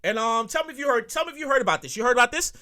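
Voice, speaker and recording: A podcast host with a New York accent rants solo for comic effect, getting worked up, repeating phrases and swearing freely. His mid-range voice races along.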